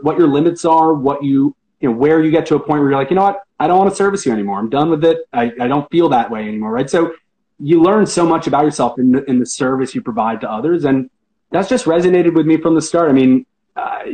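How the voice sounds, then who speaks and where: Earnest man, fairly high voice. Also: a little mellow, rough recording. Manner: earnest, restarts and hesitates. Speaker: interview guest, hospitality professional. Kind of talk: casual interview answers.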